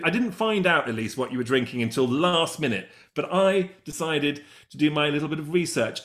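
A man's voice: high voice, fairly bright tone. A middle-aged man with an English accent, hosting a playful, chatty interview over a video call. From England. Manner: chatty, playful, self-mocking. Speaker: interview host.

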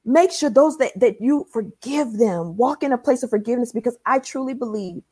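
A woman's voice: a little high, expressive, a little fast, mellow, dry recording, studio quality. A woman sharing an emotional faith testimony in a conversation, speaking emphatically.

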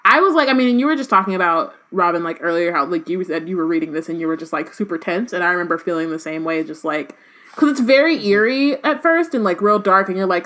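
A woman's voice: fairly low pitch, animated, fast talker, a bit bright. A woman co-hosting a podcast, chatting casually about a book and reading passages aloud, with lots of "like" fillers. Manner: chatty, heavy use of "like" fillers. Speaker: podcast co-host. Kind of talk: casual book-discussion chat.

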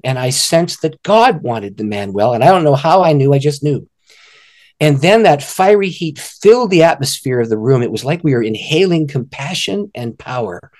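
A middle-aged man, an author and ministry director, telling a personal story in an interview with lively delivery and frequent laughter. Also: mid-range voice. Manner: lively, laughs often, acts out voices in stories.

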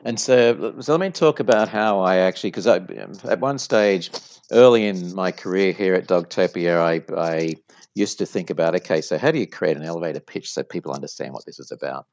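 Deep creaky-voiced man explaining business. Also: a little fast, darkish tone, no room sound, lo-fi sound. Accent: non-American. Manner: explanatory, storytelling with examples. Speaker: franchise executive guest. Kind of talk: business interview.

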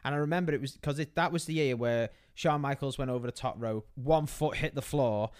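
A man co-hosting a casual podcast, telling animated stories with swearing and loud quoted outbursts. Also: medium pitch, a little fast, smooth. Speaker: podcast co-host. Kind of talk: casual banter.

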